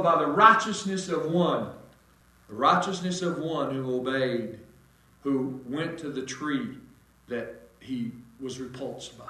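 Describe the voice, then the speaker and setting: An American man preaching a sermon in a folksy, dramatic way, swinging from loud emphasis to hushed tones. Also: on the high side. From United States. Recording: echoey room.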